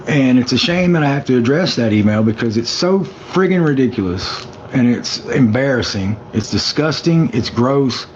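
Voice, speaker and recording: Dude explaining himself to followers, defensive, says like constantly, muffled clip with some hiss. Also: male voice, mid-range voice, a little mellow. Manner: defensive, repeats himself, lots of "like". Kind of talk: casual statement to followers.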